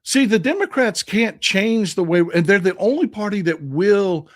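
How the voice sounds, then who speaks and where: A man hosting a live political stream, hoarse and strained from yelling, talking with impassioned repetition straight to his viewers. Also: high-pitched, expressive, normal speed. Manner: impassioned, repetitive, addresses the chat directly. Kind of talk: casual political talk.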